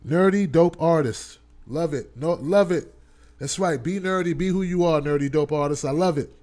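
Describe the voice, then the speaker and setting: Earnest and informal, this host rallies his viewers on a live online talk show with chat shout-outs, often repeating himself. His voice is a little high with a darkish tone, and he talks at a moderate pace.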